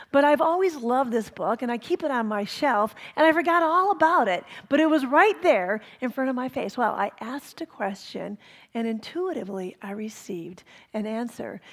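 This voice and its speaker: A woman minister giving a storytelling sermon in an animated way, laughing now and then. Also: high voice. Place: church center.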